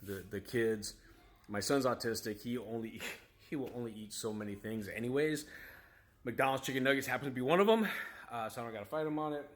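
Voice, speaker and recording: Talking a little fast in a medium-pitched voice, an American vlogger who is a father rambles through a story to camera. He's casual and self-critical, constantly restarting and going off on asides.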